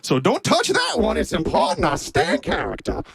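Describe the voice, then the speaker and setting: A man hamming it up as a lively cowboy host. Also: high voice, moderate pace, gravelly, slight background noise, heavily acted. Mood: playful. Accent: put-on Western cowboy drawl. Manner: playful, jokey, theatrical. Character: hammy Old West cowboy host, playful and theatrical. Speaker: event host. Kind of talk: live stream hosting in character. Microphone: handheld stick mic.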